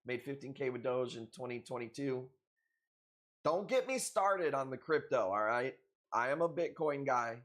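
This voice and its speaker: A man's voice: mid-range voice, expressive, moderate pace. A man hosting a live coral sale stream, chatting casually with viewers in a loose, profane, joking way. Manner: loose, profane, joking banter with frequent laughs.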